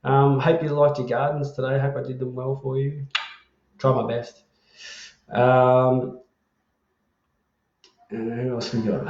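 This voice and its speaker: An Australian man hosting a casual live chat, rambling and affectionate as he repeats himself through shout-outs to viewers. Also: medium pitch, flat delivery, takes it slowly, pauses often. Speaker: host of an online community live chat. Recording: roomy and dull lo-fi sound.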